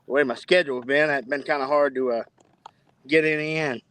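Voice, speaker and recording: A man's voice: fairly high pitch, steady tone, a little fast, fairly bright tone, clean tone, dry recording. A man appearing as a guest on a casual livestream, chatting in a friendly, talkative way. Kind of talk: casual chat.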